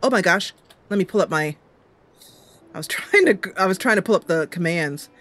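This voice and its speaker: A woman's voice: lowish voice, moderate pace. A woman host narrating a video game roleplay, mixing story narration with casual asides. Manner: lively narration with asides and laughter.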